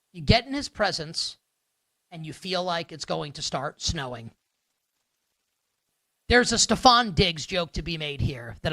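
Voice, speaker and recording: A man with a New York accent hosting a live sports betting talk show, delivering an animated, sarcastic and rambling monologue. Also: on the high side, no room sound, rough recording.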